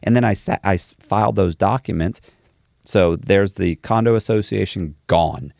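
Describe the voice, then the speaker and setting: A man with a low, gravelly voice tells his story in a relaxed interview. He animates it by doing the voices of the people in it. The sound is close and dry, with no room around it. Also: moderate pace, dry recording. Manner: animated storyteller, acts out quoted dialogue. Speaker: interview guest.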